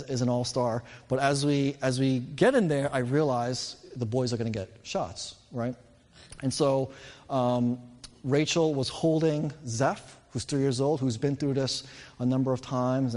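Male pastor, 30s, earnest emphatic storyteller, mid-pitched voice, church reverb. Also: a little mellow. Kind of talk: sermon. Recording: reverberant hall.

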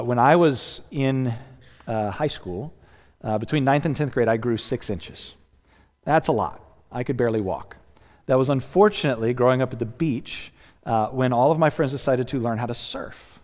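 A man preaching a sermon as a pastor, earnest and conversational, often restarting and dropping to a hush. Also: mid-range voice. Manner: earnest, conversational, with many restarts and sudden soft drops. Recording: long hall reverb.

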